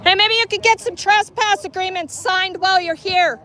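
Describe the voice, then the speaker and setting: High, bright-voiced heckling woman outdoors. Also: steady tone, moderate pace. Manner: profane, heckling and sarcastic. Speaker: street activist filming police. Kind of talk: confrontational street filming. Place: outdoors on a city street.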